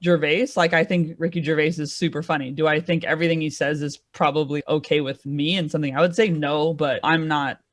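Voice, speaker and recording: A woman's voice: low voice, steady tone, a little fast, few pauses, no echo, clean studio sound. A woman comedian talking casually on a comedy panel, rambling with lots of "like" fillers. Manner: rambling, chatty, frequent "like" fillers. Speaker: comedian guest.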